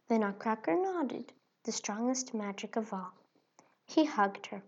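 A woman narrating a children's storybook in an expressive read-aloud way. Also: a little high, measured pace, husky. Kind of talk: storybook reading. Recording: dull lo-fi recording.

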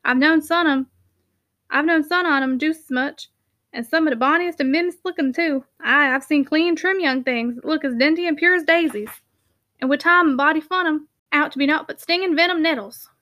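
A woman's voice: high voice, normal speed, bright, forceful tone. A woman voicing a shrewd, gossipy male mill worker in a Yorkshire dialect. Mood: sly. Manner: sly, gossipy, dialect-rich.

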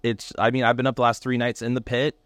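Man, mid pitch, dry close mic; relaxed, profane co-host. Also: fast talker, dry recording. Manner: relaxed, profane, laughs along. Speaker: barbecue pitmaster, co-host. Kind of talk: casual chat. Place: restaurant kitchen.

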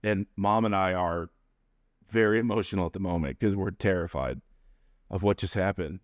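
A man telling a personal story as an interview guest, animated and acting out the people in it. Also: low voice, moderate pace, no room sound, studio quality. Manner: animated, acts out quoted voices.

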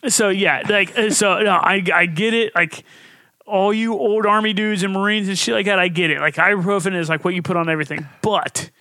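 A man co-hosting a podcast, chatting casually, swearing freely and telling animated stories. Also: sits high, fairly quick, no echo. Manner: profane, animated storytelling. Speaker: podcast co-host. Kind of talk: casual chat.

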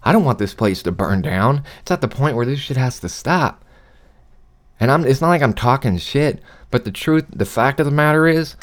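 A man in his thirties with a lowish voice rants through a casual, swear-heavy story on his home podcast. He talks from his apartment studio, worked up and animated. A lingering cough roughens him a little. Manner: animated ranting, swears a lot. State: recovering from a cough. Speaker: podcast host.

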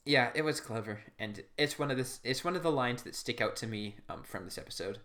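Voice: mid-range voice, fast talker, fairly bright tone. A podcast co-host recapping an episode in casual chat, laughing and quoting the characters. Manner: chatty, laughing, quotes characters.

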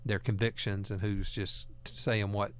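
A man's voice: on the low side, level tone, a little slow. A man hosting a talk radio show, speaking in a folksy, earnest way and often repeating words as he goes. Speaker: radio host.

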